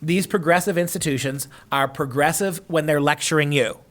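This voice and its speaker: Bright, sarcastic male co-host. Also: on the high side, moderate pace. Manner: sarcastic, mocking impressions. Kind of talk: casual political chat.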